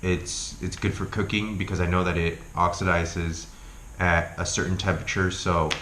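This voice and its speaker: A young man vlogging at home, talking loosely and swearing often, with lots of ums and likes. His voice is deep yet bright and forward. The room sounds echoey, with a faint hiss behind him. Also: normal speed. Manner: profane, animated, lots of filler words. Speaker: health vlogger. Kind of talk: casual vlog rant and talk.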